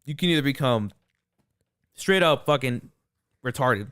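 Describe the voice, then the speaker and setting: A man's voice: medium pitch, expressive, unhurried, fairly bright tone, clean tone, no echo, studio quality. A young man co-hosting a podcast, rambling in casual chat with lots of swearing and restarts. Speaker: podcast co-host.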